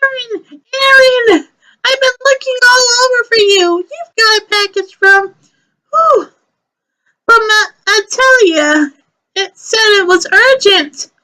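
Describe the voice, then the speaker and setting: A busy, friendly male rabbit courier in a fantasy game, as a woman reading the story puts him on. He talks in a high, bright, eager rush of pals and boasts, breezy and a little full of himself. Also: lively intonation, slow pace, exaggerated voice.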